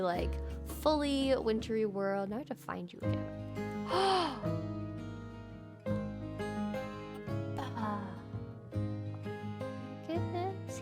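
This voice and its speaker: Young woman, slightly high voice, unhurried gameplay commentary, soft music underneath. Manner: chatty, easily surprised, coos at animals. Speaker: gaming channel host. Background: soft background music.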